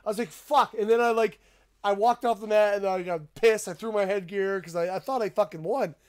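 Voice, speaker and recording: A young man hosting a podcast, telling a profane, animated story in casual chat. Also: sits high, brisk, clear, resonant tone. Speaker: podcast host.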